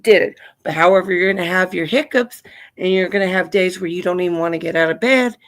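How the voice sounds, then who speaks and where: A fairly low-pitched woman talks fast as a livestream host, tenderly and earnestly comforting a widowed, grieving caller. She calls her honey and sweetheart.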